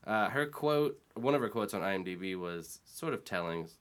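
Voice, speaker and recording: Animated, profane male podcast host. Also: fairly low pitch, moderate pace. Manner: animated storyteller, profane, bursts into loud outbursts and laughs. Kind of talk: casual chat.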